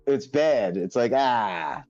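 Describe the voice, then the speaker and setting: A man's voice: medium pitch, lively intonation, slow, darkish tone, dry recording, faint music behind. A man co-hosting a podcast, rambling through crude anecdotes in casual banter. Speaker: podcast co-host. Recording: dull lo-fi sound.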